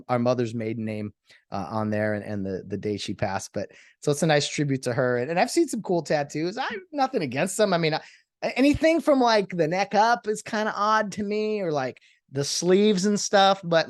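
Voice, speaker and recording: A man talks alone on his podcast, rambling and sarcastic as he hops from one topic to the next. His pitch jumps all over the place, and the sound is dry and close, with no room around it. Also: lively intonation, fairly quick, dry recording. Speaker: podcast host. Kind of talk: solo podcast monologue.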